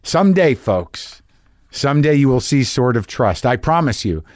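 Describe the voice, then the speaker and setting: A middle-aged man hosting his podcast, rambling through a casual monologue with halting restarts and sudden profane bursts of enthusiasm. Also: mid-range voice, very animated, dry recording, clean studio sound. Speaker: podcast host.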